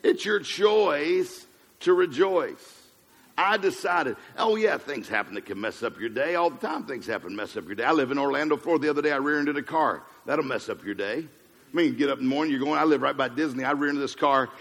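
Male preacher, joking storyteller, punchy repeated lines, middle pitch, long hall reverb. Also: fairly quick, fairly bright tone. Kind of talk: humorous motivational sermon.

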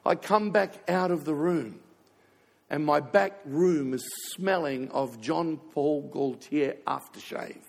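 A man's voice: a little high, slow, gravelly, big-room sound. An older man preaching a sermon as a pastor, telling a heartfelt personal story in an emotional way, fighting back tears.

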